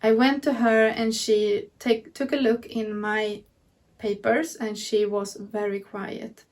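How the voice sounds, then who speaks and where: A woman's voice: a little high, level tone, slow, a little mellow, distant mic. A woman vlogger telling her personal story earnestly and candidly to camera. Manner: earnest, candid retelling of events.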